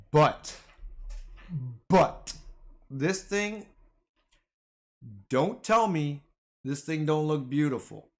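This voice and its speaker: A man commenting on the stock market in a casual live stream, bantering with his viewers in slang. His delivery is unhurried, yet his voice swings widely between lows and highs. It sits somewhat high for a man. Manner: excitable, talks back to the chat with slang.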